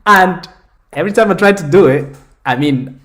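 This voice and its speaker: A man's voice: sits high, moderate pace. A young man from the Democratic Republic of the Congo, a comic book creator, telling stories in a casual interview with lots of restarts and fillers. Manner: storytelling, animated, frequent restarts and fillers.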